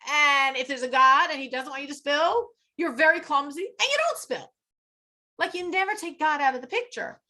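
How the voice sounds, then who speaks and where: A woman's voice: high-pitched, expressive, moderate pace, bright, forceful tone. A middle-aged woman teaching a women's class on faith, speaking animatedly and acting out inner voices with frequent laughs. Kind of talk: lecture with group discussion.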